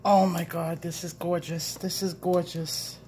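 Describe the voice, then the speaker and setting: A middle-aged woman hosting an unboxing vlog, gushing breathlessly and shaky with excitement, from a room at home. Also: fairly low pitch, unhurried, background noise. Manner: breathless, gushing, repeated exclamations. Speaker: coloring channel host.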